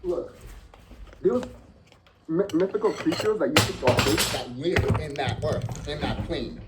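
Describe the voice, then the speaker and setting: This is an expletive-laden, heated rant from a vlogger whose voice swings widely up and down in pitch. The delivery is insistent and repetitive, hammering the same phrases for emphasis. A steady hiss of background noise sits clearly under the recording. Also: measured pace. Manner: profane, emphatic, repeats phrases. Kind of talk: ranting monologue.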